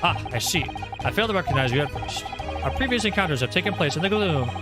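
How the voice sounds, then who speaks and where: A man's voice: a little high, animated, fast, natural voice. A man voicing an eccentric, grandly polite male detective with an airy, mocking manner. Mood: breezy. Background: loud game music.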